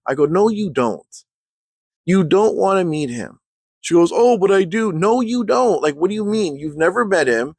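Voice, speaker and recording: A man telling a story in a casual rant for his vlog, heated and full of slang, clearly fed up. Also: fairly high pitch, no room sound. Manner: heated, slangy, exasperated ranting.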